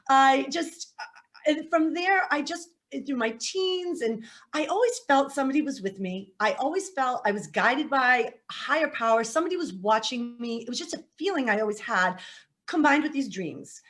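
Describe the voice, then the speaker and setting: Lively, animated woman telling her story. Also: high-pitched, moderate pace. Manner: animated, laughing, acts out quotes. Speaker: psychic medium guest. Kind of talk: casual podcast storytelling.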